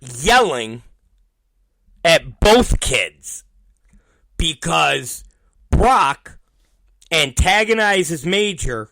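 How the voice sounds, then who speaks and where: A man in his fifties hosting a podcast, telling rambling, profane stories in a casual, animated way. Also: fairly high pitch, extremely slow, vocal fry, pauses often, dry recording. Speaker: podcast host. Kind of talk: casual storytelling monologue.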